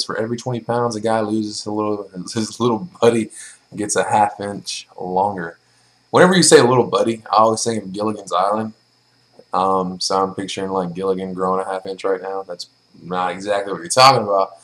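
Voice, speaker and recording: A man's voice: lowish voice, fairly even intonation, a little fast, a bit bright, rough recording. A young man casually answering viewer questions in a vlog, blunt and profane, with plenty of ums and likes. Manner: blunt, swears freely, lots of filler.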